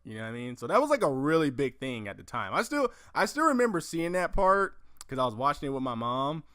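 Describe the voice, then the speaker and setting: A man hosting a casual movie news podcast, profane and animated, acting out lines from films as he tells them. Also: fairly high pitch, fast, no room sound, studio quality. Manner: profane, animated storytelling with acted-out quotes. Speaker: podcast host.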